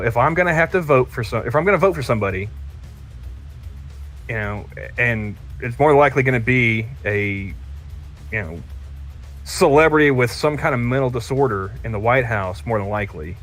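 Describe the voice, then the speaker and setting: A man's voice: mid-range voice, a bit bright. A man in his thirties on a podcast panel, joking crudely in casual chat and stumbling over restarts. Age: 30s.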